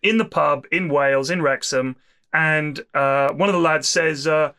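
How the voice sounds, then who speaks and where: Man, podcast co-host, bright tone, lively jokey chat. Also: on the high side, measured pace, smooth. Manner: lively, jokey, quotes people in put-on voices. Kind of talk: casual chat.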